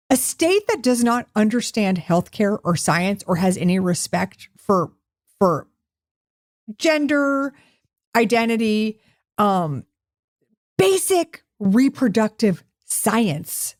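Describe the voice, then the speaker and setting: A woman's voice: mid-range voice, takes it slowly, long pauses, dry recording. A woman co-hosts a casual podcast, recapping news with sarcasm and jokes. Her voice sits in a middle range and the recording is dry and close. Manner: animated, sarcastic storytelling with jokes. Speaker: podcast co-host. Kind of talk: casual comedic chat.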